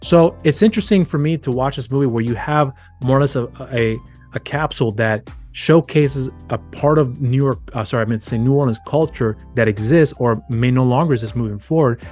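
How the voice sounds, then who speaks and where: A man's voice: medium pitch, darkish tone. A man hosting his own channel, giving a casual, rambling film review with many restarts and fillers. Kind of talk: casual movie review monologue.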